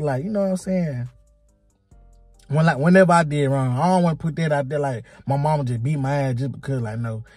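Slangy man telling a story, mellow voice. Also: high voice, dry recording. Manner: slangy, profane, animated retelling. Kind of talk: casual storytime monologue.

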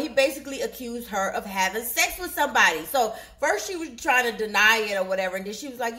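A woman hosting a casual TV episode recap, telling the story in an animated way and acting out the characters' lines. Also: fairly high pitch, fast, hardly any pauses. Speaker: recap show host.

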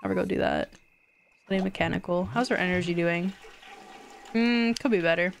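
This young woman's voice is on the low side and creaky, at a moderate pace, with slight background noise. She's live-streaming a game, chatting and giggling at the on-screen events. Wins draw excited squeals from her.

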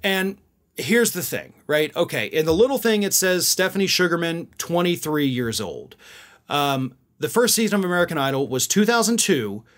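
A man's voice: fairly high pitch, very animated, normal speed, a bit bright. A man hosting a political commentary show, talking casually to viewers with musing asides.

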